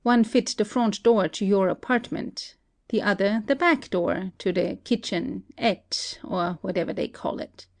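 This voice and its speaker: A woman voicing a shrewd country detective who calmly lays out an accusation in a play reading. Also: medium pitch, creaky. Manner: steady, deliberate accusing. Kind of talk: amateur audiobook play reading.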